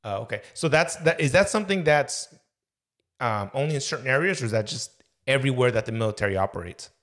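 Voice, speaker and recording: A man's voice: mid-range voice, lively intonation, fast talker, fairly bright tone. A man hosting a podcast, asking friendly, rambling questions in a casual interview. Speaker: podcast host.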